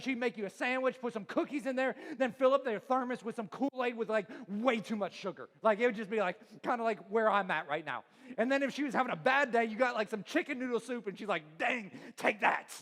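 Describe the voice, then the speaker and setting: Pastor, man, 40s, very high voice; playful crowd-work sermon, heavy hall reverb. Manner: joking, quizzes the crowd, laughs often. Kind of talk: humorous sermon intro. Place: large church auditorium. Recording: long reverb of a church hall.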